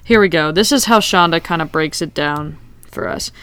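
A woman's voice: sits low, normal speed, a bit bright, clear, resonant tone, dry recording. A woman in casual podcast chat, recapping TV scenes and reading quotes aloud. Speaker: podcast co-host.

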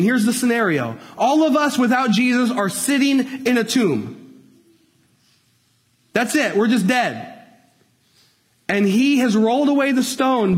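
High-voiced preacher in a reverberant hall. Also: male voice. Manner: passionate preacher, swings between loud high peaks and low hushed lines; folksy, says "y'all" to the congregation. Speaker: pastor. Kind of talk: sermon. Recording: long reverb of a large hall.

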